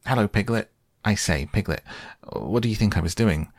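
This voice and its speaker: A man voicing a tiny excited baby kangaroo who squeaks eagerly and shows off, in a raised voice. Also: normal speed, no echo, clean studio sound. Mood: excited boasting.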